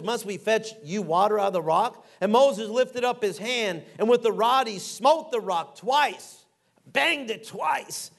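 A middle-aged man preaching a folksy, animated sermon, acting out quotes and reading scripture aloud. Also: high voice.

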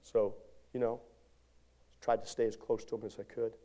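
A male pastor preaching a sermon in a church, animated, moving from shouts to hushed lines and calling out to the congregation. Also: fairly low pitch, normal speed, long pauses. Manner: call-and-response exhortation to congregation. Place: church sanctuary.

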